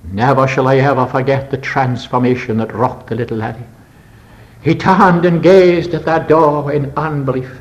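An older man preaching a sermon as a story, dramatic, swinging between loud bursts and hushed low passages. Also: steady tone, normal speed, rough recording.

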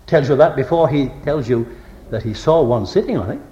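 A man preaching a sermon, reciting scripture with stressed final words and asking the congregation rhetorical questions, moving between ringing declamation and hushed low tones. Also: brisk, dull audio, background noise. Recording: echoey hall.

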